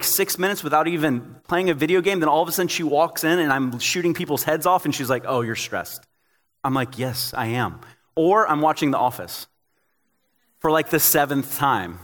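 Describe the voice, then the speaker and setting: A young man, a pastor, preaching a sermon in a relaxed, joking, storytelling way. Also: a little high, moderate pace, big-room sound.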